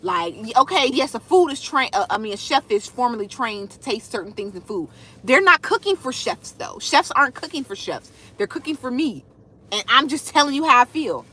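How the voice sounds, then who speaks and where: A woman's voice: on the high side, fairly quick, slightly rough. A young woman, chatting casually with her viewers on a livestream as a food content creator. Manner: animated, talks straight to viewers, reads out comments.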